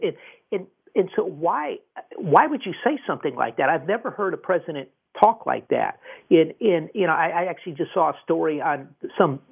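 A gravelly, husky man with a fairly high voice holds forth on a talk radio show, stumbling over repeated words as he presses his points. The sound is thin and tinny, like a phone line. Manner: emphatic, repeats words and restarts often. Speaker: radio host. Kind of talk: political commentary on talk radio.

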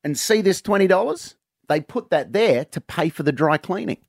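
An Australian man, a comedian, telling a joke on radio in an animated storytelling way, acting out the voices. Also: high-pitched, moderate pace, vocal fry, dry recording, studio quality. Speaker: comedian guest. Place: radio studio. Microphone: studio mic.

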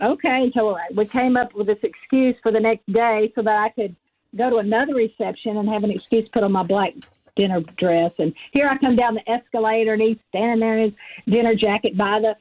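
A woman in her forties tells a heartfelt personal story as a guest, her voice set a little high and often acting out her own past words. The recording sounds dull and lo-fi. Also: darkish tone. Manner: earnest, emotional, quotes herself often. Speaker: guest author. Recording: dull lo-fi audio.

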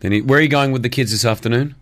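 A middle-aged man hosting a breakfast radio show, teasing his co-hosts in lively banter. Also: mid-range voice, racing, no echo.

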